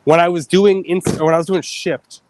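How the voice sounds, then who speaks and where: Delivery guy chatting on a stream while out on runs, halting, kinda higher voice. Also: steady tone, a little mellow, slight background noise. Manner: halting, hesitant, with restarts. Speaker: delivery driver guest. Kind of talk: casual livestream chat.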